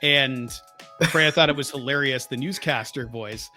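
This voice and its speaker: Bright-voiced man chatting casually. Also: mid-range voice, measured pace, faint music behind. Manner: rambling storyteller, self-correcting. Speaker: podcast co-host. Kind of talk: casual chat.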